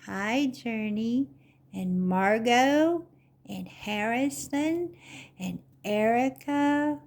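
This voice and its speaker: A woman hosting a children's story time, speaking gently and encouragingly to young listeners like a teacher. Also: mid-range voice, gravelly.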